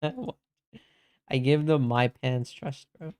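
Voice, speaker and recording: Male streamer, laid-back slangy chat, clear voice, slow delivery. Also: mid-range voice, big pitch swings, a little mellow. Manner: slangy, calls everyone bro; reads and answers chat. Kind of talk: casual livestream chat.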